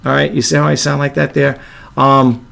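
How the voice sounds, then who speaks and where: A man with a low monotone voice, hosting a casual video editing tutorial and rambling with apologetic asides. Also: moderate pace, vocal fry, a little hiss or hum. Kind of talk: casual screen-recorded tutorial.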